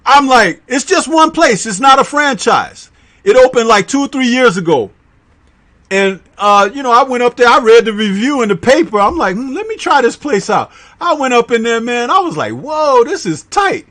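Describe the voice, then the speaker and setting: A Chicago man with a fairly high voice hosts a live stream chat. He talks loosely in slang and breaks into laughter often. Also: lively intonation, normal speed, bright, forceful tone. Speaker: livestream host reading chat.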